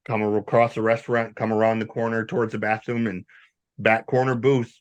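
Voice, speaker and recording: A man hosting a podcast, telling stories in a rambling, animated, casual way. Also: fairly low pitch, fairly quick, clean tone. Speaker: podcast host. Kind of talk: casual storytelling chat.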